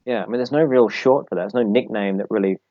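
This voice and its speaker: A man's voice: on the low side, fast talker, dull audio. A young Australian man chatting as a guest, teasing and joking with his hosts. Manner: playful, teasing. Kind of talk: casual chat.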